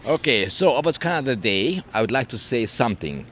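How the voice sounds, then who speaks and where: A man's voice: medium pitch, very animated, a little fast, a bit bright. A man being interviewed on the street, making an emphatic, contrarian point. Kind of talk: casual chat.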